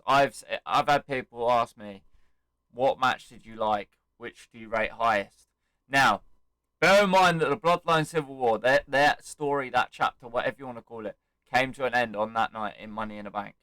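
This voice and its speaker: Young guy, fan recap, animated storytelling, smooth voice, dry close mic. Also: mid-range voice, dry recording, low-quality recording. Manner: animated storytelling, acts out quotes and chants. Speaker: wrestling fan vlogger. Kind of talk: excited casual recap.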